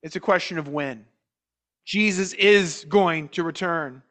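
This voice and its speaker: High-voiced male pastor preaching deliberately. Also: a bit bright. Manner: measured preaching with repeated words and rhetorical questions. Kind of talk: sermon.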